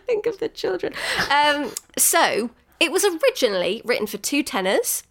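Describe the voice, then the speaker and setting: A woman talks through music history in casual podcast chat. Her voice sits a little high. She laughs often and keeps slipping in quick asides. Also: big pitch swings, creaky, a bit bright. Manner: chatty, giggly, quick asides. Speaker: podcast co-host.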